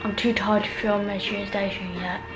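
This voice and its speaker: A woman's voice: medium pitch, little pitch movement, moderate pace, over loud music, poor audio. A woman chatting at home in a casual, rambling vlog, full of ums and restarts. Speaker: vlogger.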